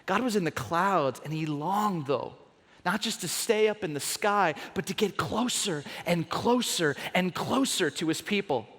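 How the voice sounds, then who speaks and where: Animated high-voiced man preaching in a hall. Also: husky. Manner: animated storytelling, dramatic pauses. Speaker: pastor. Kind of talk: sermon. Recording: long hall reverb.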